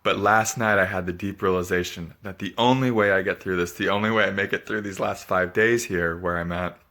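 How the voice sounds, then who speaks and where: A man with a low voice and a sharp, tense edge talks straight to camera in a confessional vlog. He sounds sick and drained, and his delivery is soft, halting and searching. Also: steady tone. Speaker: spiritual vlogger.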